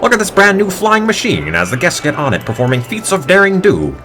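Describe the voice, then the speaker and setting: A brassy 1930s newsreel announcer, pitched well up and pushed loud, selling thrills with old-time showmanship, as a man puts him on. Game music plays clearly behind him. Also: huge pitch swings, brisk, full character voice. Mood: showy. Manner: showy, theatrical.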